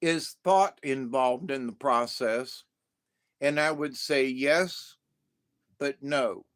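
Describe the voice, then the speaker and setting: A man's voice: mid-range voice, slow, fairly bright tone. A man rambling to viewers in a loose monologue, laughing often and repeating insults with heavy emphasis, stoned. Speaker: vlogger.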